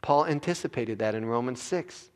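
A male pastor delivers an emphatic sermon, his voice sitting at an ordinary middle pitch. He often doubles back on words as he drives a point home. The sound carries the long reverb of a large church hall. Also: normal speed. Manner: emphatic, repeats words while building points. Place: church sanctuary.

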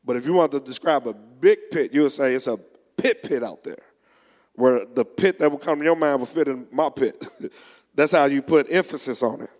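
A male preacher delivering a sermon, reading scripture slowly and preaching with rising fervor. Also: mid-range voice, darkish tone. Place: church. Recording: long echo of a large hall.

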